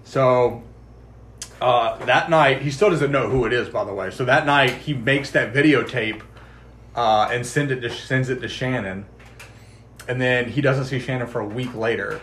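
A man's voice: mid-range voice, moderate pace, fairly bright tone, slight background noise. A man chatting casually on a podcast, walking through an episode beat by beat. He tells it like a storyteller and drops into the characters' quoted lines as he goes. His voice sits in an ordinary middle register. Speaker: podcast co-host. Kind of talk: casual chat recapping a TV episode.

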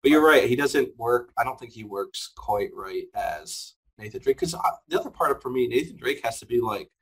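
A man's voice: mid-range voice, expressive, moderate pace, a bit bright, husky. A man co-hosting a podcast, talking casually and animatedly with lots of laughs and fillers. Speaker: podcast co-host. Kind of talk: casual chat reviewing a film.

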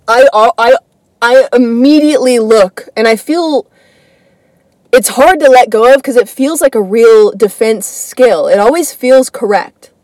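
A woman's voice: on the high side, darkish tone, dry recording, low-quality recording. A woman hosting a comedy podcast, telling a casual story in a rambling way full of fillers and swearing. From United States.

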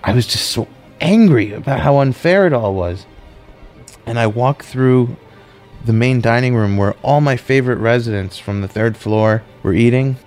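Animated male storyteller. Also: medium pitch, moderate pace, faint music behind. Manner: animated, acts out quoted voices. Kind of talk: personal storytelling.

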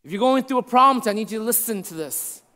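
Man, preacher, high voice, conversational sermon, hushed emphasis, long hall echo. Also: lively intonation, fast. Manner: conversational preaching with checks like "right?"; shifts from loud to hushed for emphasis.

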